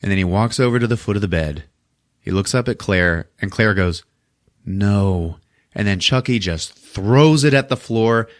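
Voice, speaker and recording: A man hosting a podcast who recaps a horror film in a casual, animated way, laughing often and swearing. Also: fairly low pitch, moderate pace, dry recording, studio quality. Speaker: podcast host.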